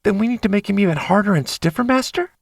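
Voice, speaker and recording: Man doing a sweet playful young male sub, higher voice, eager, mock-innocent, gravelly edge. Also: animated, quick pace, dry recording, clean studio sound, heavily acted.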